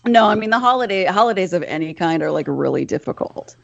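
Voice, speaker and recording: A woman's voice: lowish voice, animated, fast, vocal fry, dry recording, dull audio. A woman, a forensic psychologist and podcast co-host, telling stories in casual chat and laughing easily. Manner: chatty storyteller, laughs easily.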